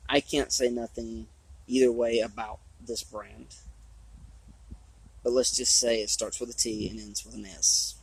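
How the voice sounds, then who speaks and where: A man, chatting casually and rambling about his hobby, his voice hoarse from talking a long time. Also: mid-range voice, flat delivery, a little slow, low-quality recording. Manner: rambling, drawling, with restarts. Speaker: RC hobby vlogger. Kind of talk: casual trailside chat. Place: outdoors on a trail.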